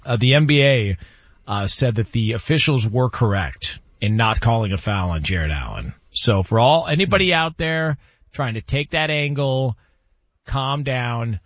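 A man's voice: on the low side, dry recording. A man hosting a sports talk show, chatting casually, joking and rambling. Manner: animated, joking, laughs often, rambling. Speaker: sports talk radio host. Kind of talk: casual sports radio chat. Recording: dry, slightly dull studio audio.

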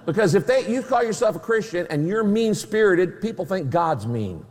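A man's voice: sits high, sing-song, moderate pace. A pastor preaching a sermon, emphatic and wry, firing off rhetorical questions at his listeners. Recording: long reverb of a large hall.

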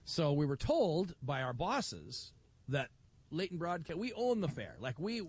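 A middle-aged man hosting live radio from a county fair. His voice sits a little high and swings widely in pitch as he spins an animated story, slipping into other people's voices. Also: measured pace, husky. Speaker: radio talk show host. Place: outdoor broadcast booth at a county fair.

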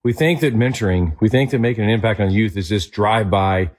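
A man's voice: on the low side, fairly quick, darkish tone. A man hosting a faith talk show, speaking with enthusiasm and strong emphasis as he questions his guest. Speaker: host.

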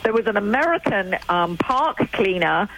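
A woman's voice: mid-range voice, lively intonation, normal speed. Older english lady calling in, chatty and emphatic, phone line with a bit of hiss. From England. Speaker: guest. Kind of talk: call-in radio talk.

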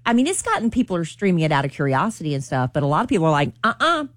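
A woman's voice: sits low, sing-song, rapid-fire, no echo. A woman, chatting as the entertainment news voice of a morning radio show in a gossipy storytelling way.

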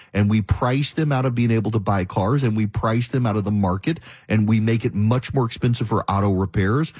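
A man's voice: medium pitch, darkish tone, breathy edge, no room sound. A man hosting a talk radio show, delivering an emphatic, opinionated monologue and mocking his critics. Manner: emphatic, ranting, mocks critics in quoted voices.

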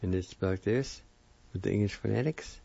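A man teaching vocabulary, spelling out and pronouncing each word slowly and patiently, with repetition, on a dull lo-fi recording. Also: on the low side, vocal fry, warm tone. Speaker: language teacher. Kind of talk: slow spelling and pronunciation lesson. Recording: dull lo-fi sound.

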